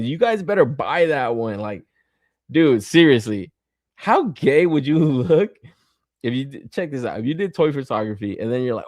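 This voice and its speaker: A man's voice: mid-range voice, animated, normal speed, darkish tone, no echo, clean studio sound. A man hosting a podcast in a casual, rambling chat who laughs a lot and swears constantly. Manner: loose and rambling, with many fillers. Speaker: podcast host.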